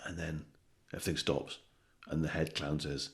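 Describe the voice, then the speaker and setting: A man with a very low voice tells jokes in a relaxed podcast conversation. He talks in an animated, sweary way and keeps tagging his lines with "right?". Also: moderate pace. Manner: animated storytelling, sweary, with frequent "right?" tags. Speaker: comedian guest. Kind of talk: casual podcast chat, telling jokes.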